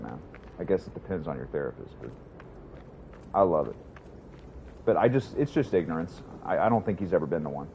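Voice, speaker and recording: A man streams a game and chats casually with his viewers, rambling and swearing as he provides commentary. He has a deep, warm voice, with slight background noise behind it.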